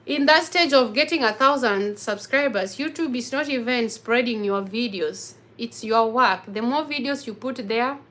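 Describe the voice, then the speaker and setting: A woman's voice: on the high side, moderate pace, hardly any pauses, a bit bright. Earnest woman vlogger, non-native English. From grew up in a village. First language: mother tongue not English. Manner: earnest, encouraging, frequent restarts and laughs. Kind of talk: casual talk to camera.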